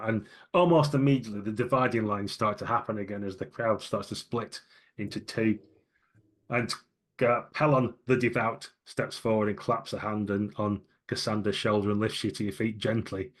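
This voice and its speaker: A man narrating scenes as game master of a tabletop game, in a lively storytelling way. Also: on the low side, moderate pace.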